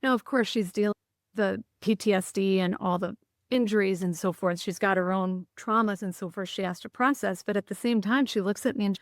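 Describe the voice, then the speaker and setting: A woman's voice: mid-range voice, a little fast, no echo, studio quality. A woman, a podcast guest earnestly recounting stories with frequent restarts. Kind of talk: conversational storytelling.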